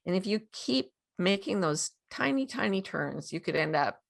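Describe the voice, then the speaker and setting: A woman's voice: mid-range voice, moderate pace, creaky. A woman in her sixties, a guest author, telling stories animatedly and laughing often. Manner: animated storyteller, acts out quotes, laughs often. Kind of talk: storytelling interview.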